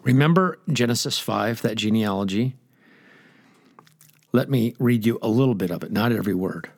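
A man's voice: lowish voice, expressive, normal speed, dry recording. An older man, a pastor teaching the Bible on air in a chatty, rambling way with jokey asides, speaking into a studio microphone.

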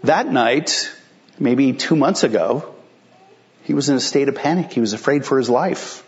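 A man's voice: medium pitch, lively intonation, normal speed, highs cut off. Man preaching a conversational sermon. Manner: conversational, explanatory preaching with rhetorical questions. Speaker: pastor.

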